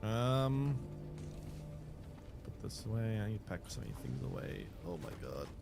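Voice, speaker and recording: A man's voice: on the low side, big pitch swings, measured pace, vocal fry, over music. Rambling man streaming a game. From South Africa. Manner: rambling, answers chat while playing, many restarts and fillers. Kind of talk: casual game livestream chat.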